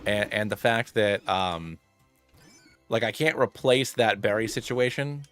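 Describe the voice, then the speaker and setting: A man streaming a game live, rambling through his moves and excitedly thanking viewers by name. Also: lowish voice, unhurried, clear, resonant tone, soft background music. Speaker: streamer playing a fusion monster game. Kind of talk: casual live-stream chat and game commentary.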